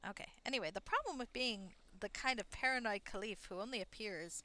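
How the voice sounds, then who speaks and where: A woman's voice: medium pitch, brisk, bright, forceful tone. A young woman streaming a game, chatting casually and bubbly with her viewers. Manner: bubbly, chatty, laughs often. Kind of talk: casual live-stream chat. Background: faint game music.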